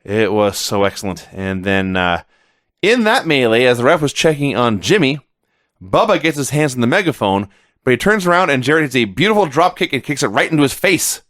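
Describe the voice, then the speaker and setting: A middle-aged man co-hosting a wrestling podcast, telling stories in an animated, sarcastic way. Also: medium pitch, brisk. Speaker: podcast co-host. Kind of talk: casual wrestling review chat.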